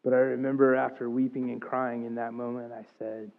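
A man's voice: mid-range voice, flat delivery, brisk, vocal fry. A man in his thirties preaching a sermon, earnest and confessional, rising to emphatic outbursts. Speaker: pastor. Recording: thin phone-like sound.

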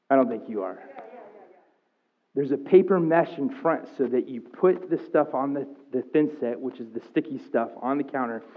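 A male pastor with a slightly high voice delivers an energetic, conversational sermon to his congregation. The sound is thin and tinny, like a phone line. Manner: energetic, conversational preaching that rises in pitch and volume. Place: church.

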